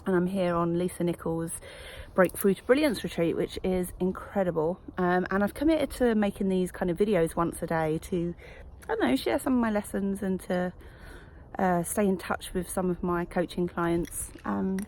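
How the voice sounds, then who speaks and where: A woman's voice: lowish voice, moderate pace, darkish tone. A woman coach chatting casually to camera at a retreat, reflective and full of fillers. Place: wellness retreat.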